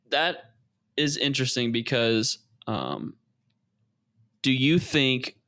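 A man's voice: medium pitch, fairly bright tone. A man hosting a casual conversation, asking a thoughtful follow-up question and laughing often. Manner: laughs a lot, asks slow follow-up questions.

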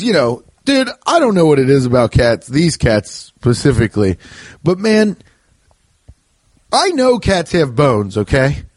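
Profane rambling podcast man, lively pitch. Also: no echo. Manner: profane, joking, storytelling with quoted voices. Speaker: podcast host. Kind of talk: casual rambling monologue.

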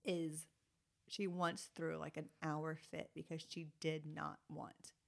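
Chatty storytelling woman, lower voice. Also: little pitch movement, slow pace, gravelly. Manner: chatty storyteller, frequent "like" fillers. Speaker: parent and auditioning performer. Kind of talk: casual chat.

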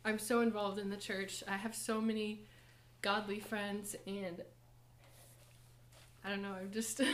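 Here a young woman, medium in pitch, offers a personal testimony and short lesson at a church college gathering, soft and hesitant with many fillers and nervous laughs. A faint hiss or hum sits under the recording.

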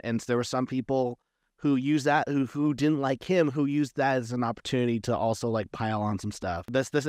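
A man's voice: mid-range voice, no echo, clean studio sound. A man as an interview guest, telling a story casually and acting out quoted exchanges. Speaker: comic book creator, guest.

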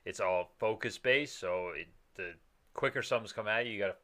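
A man's voice: fairly low pitch, brisk, sharp tone. A man in casual chat, rambling with many restarts and the odd swear word.

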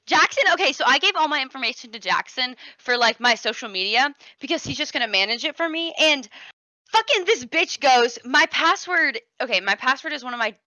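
A woman with a fairly high, bright voice, recorded close and dry. She chats bluntly on a casual podcast, swearing freely and dropping dry remarks. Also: lively intonation, brisk, no echo, low-quality recording. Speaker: podcast co-host. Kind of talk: casual chat.

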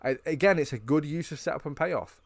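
A man's voice: on the high side, fairly quick, dry recording. A man co-hosting a film podcast, animatedly retelling scenes in casual chat. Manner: animated storyteller, recounting scenes. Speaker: podcast co-host.

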